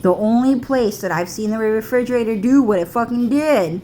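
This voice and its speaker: A woman's voice: a little high, normal speed, warm tone, slight background noise. A young woman vlogging in a loose, rambling monologue, swearing a lot and filling her talk with "like" and "dude".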